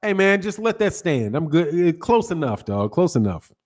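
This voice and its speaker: A man's voice: fairly high pitch, big pitch swings, normal speed. A man from the North Side of Chicago with a Chicago accent, hosting a boxing channel live stream, talking loosely in slang and greeting chat viewers by name.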